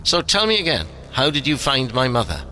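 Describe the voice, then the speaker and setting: A man's voice: medium pitch, wildly swooping pitch, brisk, pitched above the performer's own voice. Pushy late-fifties man, clipped demands, voiced by a male reader, faint music behind. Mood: insistent. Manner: curt, insistent, commanding. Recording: soft music underneath.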